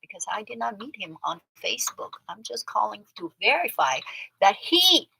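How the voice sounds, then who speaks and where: A woman hosting a livestream, telling a story to her chat in a chatty way that swings from loud outbursts to muttered asides. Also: medium pitch, lively intonation, brisk, gravelly, husky, dry recording, low-quality recording. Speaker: livestream host. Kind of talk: casual storytelling to a live chat.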